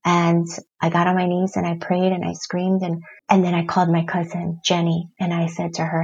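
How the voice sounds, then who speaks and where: A woman's voice: fairly low pitch, completely flat delivery, normal speed, vocal fry, few pauses, darkish tone, husky. A middle-aged woman, a guest, openly telling a personal story in an interview, earnest and reflective. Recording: dull lo-fi sound.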